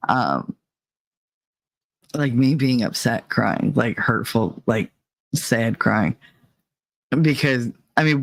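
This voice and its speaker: A woman's voice: sits low, no room sound. A middle-aged woman hosting a casual livestream, chatting with viewers, swearing and laughing as she jumps from topic to topic. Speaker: livestream host. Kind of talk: casual chat reading viewer comments. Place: dark cramped corner of a room.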